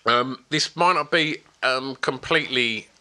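A man's voice: mid-range voice, a little slow, sharp tone. A man hosting a podcast, steering and teasing the others in casual banter. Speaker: podcast host.

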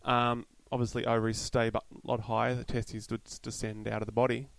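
A man, co-hosting an educational podcast, explaining in an earnest, halting way. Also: mid-range voice, little pitch movement, creaky, fairly bright tone, no room sound, poor audio. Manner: earnest, hesitant explaining with fillers. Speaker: podcast co-host. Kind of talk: casual educational chat.

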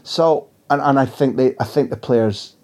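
A man's voice: mid-range voice, normal speed, a little mellow. A man telling anecdotes as a guest in a casual interview, in a rambling, wry way.

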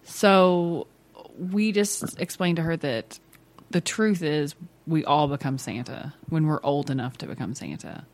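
Low-voiced mom chatting about family stuff, laughs a lot, easygoing. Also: female voice, measured pace. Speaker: mother. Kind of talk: casual chat.

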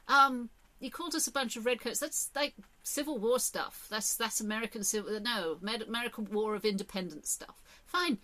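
A vlogger from England, speaking with an English accent, delivers a casual, opinionated monologue that rambles along, full of fillers and sudden emphatic rises. Her voice is high, bright and forceful.

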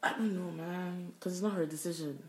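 A woman's voice: on the low side, steady tone, brisk, darkish tone. A young woman co-hosting a podcast, telling a work story in casual chat, swearing freely as she vents. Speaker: podcast co-host. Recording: echoey room.

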